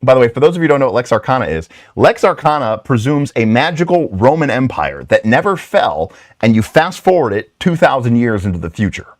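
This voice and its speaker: Middle-aged male host, lively swooping delivery, dry close sound, rambling and self-deprecating. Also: medium pitch, brisk, few pauses, no echo. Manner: self-deprecating, animated storytelling with frequent restarts and asides. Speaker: channel host. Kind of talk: casual rambling talk.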